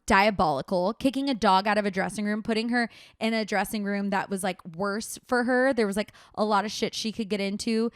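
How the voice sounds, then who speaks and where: A woman's voice: medium pitch, no room sound. Woman podcast host, heated gossip rant, curses freely, lots of "like", dry close sound. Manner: fired-up, swears often, lots of filler "like". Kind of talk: casual gossip commentary.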